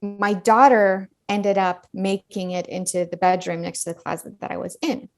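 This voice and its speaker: A middle-aged woman with a textured, gravelly voice talks openly as a podcast guest. She is earnest and unpolished, doubling back on words as her thoughts tumble out, in a voice pitched at an ordinary level. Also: flat delivery, moderate pace, soft background music. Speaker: dentist guest. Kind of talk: candid podcast conversation.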